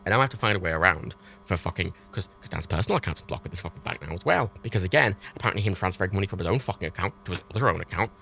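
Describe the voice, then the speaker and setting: A man's voice: deep voice, racing, gravelly. A British man on a livestream, ranting in an exasperated way and swearing heavily as he talks. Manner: exasperated, heavy swearing, animated.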